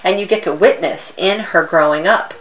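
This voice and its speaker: A woman's voice: fairly low pitch, moderate pace, fairly bright tone, poor audio. A middle-aged woman co-hosting a casual, upbeat talk show; chatty, laughing easily. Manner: chatty, laughs easily, acts out her own complaints. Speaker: co-host. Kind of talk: casual chat.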